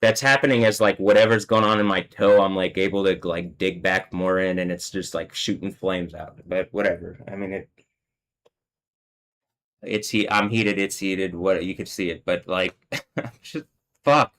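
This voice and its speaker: A man's voice: sits low, fairly even intonation, moderate pace, fairly bright tone, poor audio. A man hosting a solo livestream, talking in an agitated, swearing rant. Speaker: livestream host.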